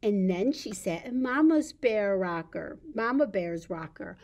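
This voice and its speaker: A woman leading a recorded baby storytime at a library, talking in an animated sing-song way for babies and caregivers. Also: medium pitch, unhurried, few pauses. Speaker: children's librarian. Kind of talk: baby storytime with songs and reading.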